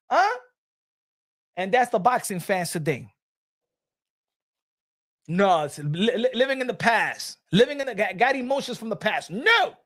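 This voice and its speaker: Very high-voiced man ranting heatedly. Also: fairly bright tone. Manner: heated, repetitive, profane ranting. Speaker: boxing commentary host. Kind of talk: casual ranting commentary.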